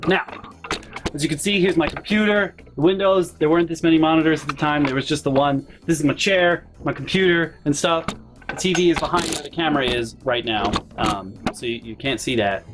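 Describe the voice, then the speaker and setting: A man telling a personal story in an animated, profane storytime rant, talking to his camera in his bedroom and shouting at the peaks. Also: fairly high pitch, brisk, music in the background. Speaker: storytime vlogger. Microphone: handheld camera in his room.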